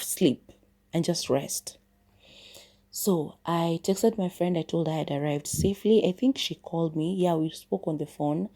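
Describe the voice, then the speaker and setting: Low, mellow Kenyan woman storytelling. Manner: chatty, switches between English and Swahili. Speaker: podcast host. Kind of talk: casual storytelling monologue.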